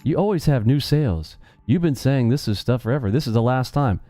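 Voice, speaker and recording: A man's voice: medium pitch, animated, a little fast, mellow, no echo, soft background music. A man hosting a day-trading live stream, brashly mocking and talking back to his chat.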